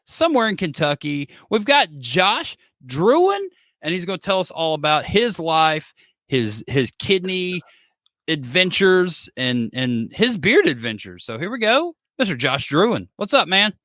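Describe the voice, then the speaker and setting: A man's voice: high voice, big pitch swings, a little slow, pushed and bright, no echo, studio quality. A man co-hosting a podcast in casual chat, rambling and stop-start as he jokes around. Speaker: podcast co-host.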